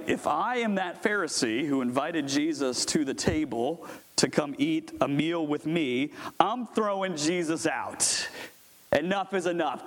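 A man, preaching a conversational sermon as pastor, joking with and calling on his congregation. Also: on the high side. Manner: lively, jokey, talks with the congregation.

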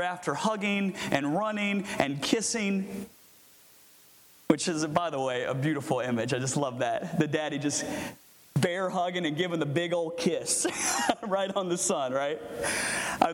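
A male pastor giving a conversational sermon, animated and quick to laugh. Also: a little high. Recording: long hall reverb, faint hiss.

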